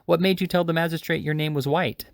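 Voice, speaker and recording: A kindly, blustering old gentleman from a storybook, voiced by a male reader, brisk and bluff with a hoarse, gravelly rasp. His kind heart shows through his gruff tone. The recording is dry and close. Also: fairly high pitch, steady tone, no echo, voice pushed up. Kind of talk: audiobook reading.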